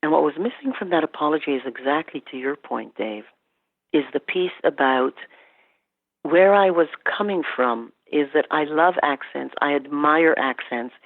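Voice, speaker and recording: Woman from Canada, podcast guest, animated storyteller, gravelly edge, tinny phone-line sound. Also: deep voice, moderate pace, no room sound. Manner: animated storytelling, quoting herself and clients. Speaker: guest expert on workplace incivility. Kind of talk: podcast interview.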